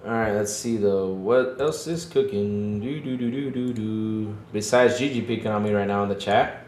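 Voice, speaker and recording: A man's voice: lowish voice, moderate pace, a little mellow, echoey room, a little hiss or hum. A man hosting a casual livestream, joking with the chat and playing up mock hurt, laughing often. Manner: playful, self-mocking, laughs often, mock-whiny. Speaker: livestream podcast host. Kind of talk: casual live-chat banter.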